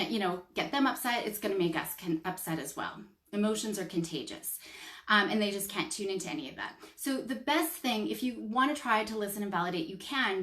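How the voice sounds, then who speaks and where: Canadian woman, parenting coach, mid-pitched, casual teaching tone, checks in often with "right?", echoey room. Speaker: child psychologist and parenting coach. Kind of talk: casual instructional talk.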